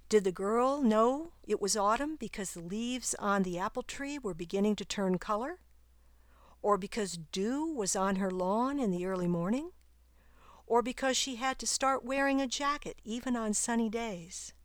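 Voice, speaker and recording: A woman's voice: a little high, moderate pace, dry recording. A woman reading a children's story aloud, asking her listeners questions along the way. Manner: warm, engaging, asks listeners questions.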